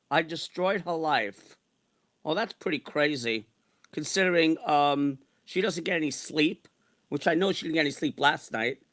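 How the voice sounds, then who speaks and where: An online streamer in his sixties vents in a long, ranting monologue, circling back to the same complaints again and again. His voice sits a touch high for a man and is a bit bright, and he sounds worn out and exasperated.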